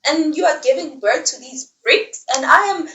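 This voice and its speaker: A woman's voice: high voice, normal speed, bright, forceful tone, lo-fi sound, slight background noise, pitched above the performer's own voice. Vain insecure sky god guy, a woman putting him on, scolding, exasperated, voice a bit far off the mic. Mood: disgusted. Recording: roomy, mic set back.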